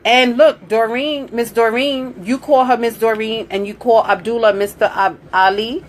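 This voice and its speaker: A woman's voice: fairly high pitch, fairly even intonation, normal speed, a little hiss or hum. A woman hosting a casual live video, chatting, reading out viewer comments and coaching her daughter in a motherly way. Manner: chatty, reads out viewer comments and greets them warmly. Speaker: livestream host.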